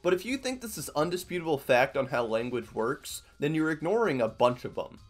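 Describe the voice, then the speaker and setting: This host, a man from Iowa in the US Midwest, keeps his educational video essay casual and full of jokes. He talks briskly in a very animated voice that sits on the high side, with faint music in the background.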